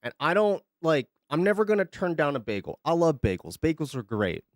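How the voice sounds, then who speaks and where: A man's voice: fairly high pitch, sing-song, fairly quick, no echo. Brief: young male streamer, ranting casually and sarcastically, bouncy tone, dry close mic. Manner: sarcastic, profane, rambling. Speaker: live streamer. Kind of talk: casual chat on a live stream.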